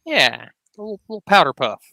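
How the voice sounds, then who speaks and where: A man's voice: high voice, big pitch swings, brisk, gravelly, pushed and bright. A man commenting on a stream with dry, sarcastic jabs. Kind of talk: mocking commentary.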